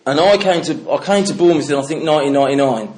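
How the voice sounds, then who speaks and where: A man's voice: on the high side, rapid-fire, darkish tone. A middle-aged man from the English Midlands giving a candid personal recovery talk to a meeting, swearing freely and telling stories with laughter. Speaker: recovery speaker.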